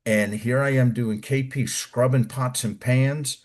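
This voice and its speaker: A man's voice: mid-range voice, fairly even intonation, unhurried. A middle-aged American man, a former Army Ranger, casually telling stories of basic training, swearing and acting out what others said. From United States. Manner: colorful, profane, acts out quotes. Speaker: interview guest, retired Army Ranger. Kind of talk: casual storytelling.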